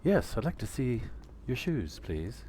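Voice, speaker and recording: A man putting on a high falsetto voice for a demanding woman customer in a comedy storybook reading. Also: big pitch swings, unhurried, dark tone, a little hiss or hum.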